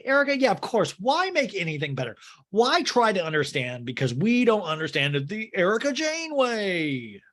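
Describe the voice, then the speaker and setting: Sarcastic male podcast host, lively and swinging in pitch, profane asides. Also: normal speed. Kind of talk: comedic TV recap.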